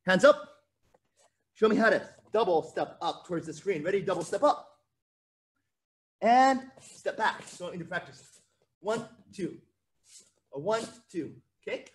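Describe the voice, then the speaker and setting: A man's voice: high voice, lively intonation, measured pace, pauses often. A man teaching a virtual martial arts class to kids, coaching energetically and counting out drills. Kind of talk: virtual kids' class instruction.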